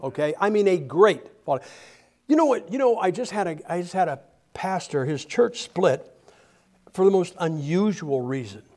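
High-voiced, animated male preacher. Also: normal speed. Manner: animated, humorous, with frequent restarts. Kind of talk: sermon.

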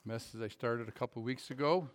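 Smooth-voiced man preaching a folksy sermon. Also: mid-range voice. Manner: folksy, self-deprecating, halting restarts. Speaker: pastor. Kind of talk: sermon with humorous story.

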